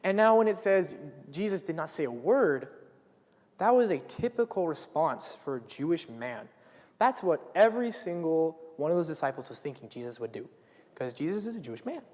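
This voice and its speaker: A man's voice: fairly high pitch, sing-song, normal speed, a little mellow. A teenage male student giving an earnest, conversational sermon that retells a Bible story, live at his school. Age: late teens. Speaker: student speaker. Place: school chapel or hall, live. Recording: long hall reverb.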